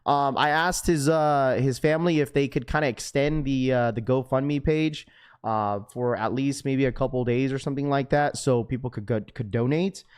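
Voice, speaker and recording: Raspy laid-back man streaming live. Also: medium pitch, normal speed. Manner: laid-back, slangy, full of fillers; reads chat messages aloud. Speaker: sneaker livestream host. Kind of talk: casual livestream chat.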